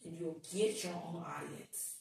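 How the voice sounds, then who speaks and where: A woman guest on a podcast, telling stories in casual chat, animated and swearing as she acts out what people said. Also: deep voice, a little slow, a little hiss or hum. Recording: echoey room, distant mic.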